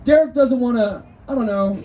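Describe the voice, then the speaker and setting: This stand-up comedian's voice is very high-pitched yet dark in tone, delivered at a moderate pace. At an indoor restaurant comedy night, the Northern California native rambles through conversational crowd work.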